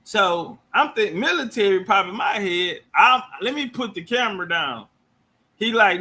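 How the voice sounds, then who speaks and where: Dude reacting and telling stories, cussing a lot, real high bright voice. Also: male voice, lively intonation, moderate pace. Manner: loose, profane, storytelling. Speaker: commentator. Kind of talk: casual reaction commentary.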